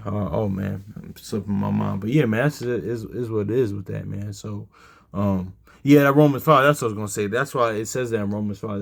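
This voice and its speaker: A man's voice: lowish voice, vocal fry. A tired man giving a casual Bible study talk, rambling with lots of fillers and reading verses aloud. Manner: rambling, heavy fillers, reads scripture aloud. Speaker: Bible teacher.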